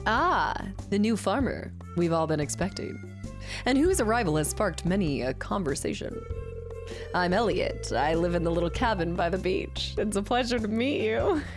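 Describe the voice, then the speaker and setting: A woman's voice: mid-range voice, big pitch swings, normal speed, music in the background, natural voice. A woman reading out a dapper, courteous young man from a video game in a gracious, formal manner. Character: dapper young male artist, courteous and refined.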